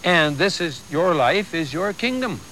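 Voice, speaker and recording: A man's voice: on the high side, big pitch swings, unhurried, bright, forceful tone, slight background noise, poor audio. Folksy man preaching. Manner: folksy, conversational, with humor and asides. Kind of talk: sermon.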